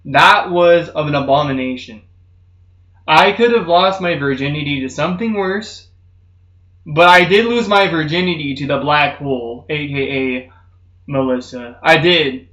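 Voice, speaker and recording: A young man streaming, telling rambling comedic stories in casual chat, swearing constantly and saying "dude" a lot. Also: unhurried. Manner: does loud high-pitched mocking voices in stories. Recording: roomy, slightly muffled stream audio.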